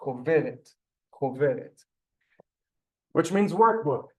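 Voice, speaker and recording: A man's voice: on the high side, animated, takes it slowly, darkish tone. Patient man teaching a class. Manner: patient, step-by-step explaining, often checking in with the class. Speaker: Hebrew teacher. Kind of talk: classroom lesson.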